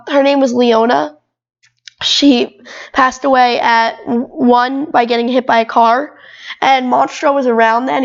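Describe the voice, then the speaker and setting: Chatty twelve-year-old girl, high voice. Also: creaky, muffled recording. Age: 12 years old. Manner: rambling, full of "like" and restarts. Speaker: guest. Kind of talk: casual chat.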